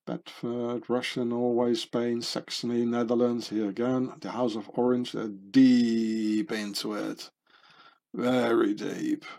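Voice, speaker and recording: A man works through a loose, meandering monologue, circling back and restarting his sentences with fillers. His delivery is unhurried and drawn out. His voice sits mid-range with a dark, mellow colour. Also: medium pitch, little pitch movement, vocal fry. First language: German. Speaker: commentator. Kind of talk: rambling monologue over images.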